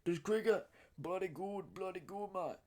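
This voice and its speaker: A man's voice: sits high, normal speed, a little mellow, voice pushed up, natural voice. A man putting on a mock Australian accent to play a stereotyped cricket-loving Australian bloke in a hearty, slangy way.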